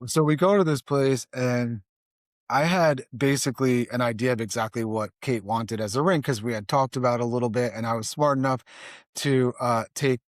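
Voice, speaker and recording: A middle-aged man spins an animated story in easy conversation, voicing the other people in it as he goes. His pitch sits in the ordinary middle for a man. The sound is close and dry with no room echo. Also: normal speed. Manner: animated, acts out dialogue, peppers lines with "right?". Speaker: podcast guest.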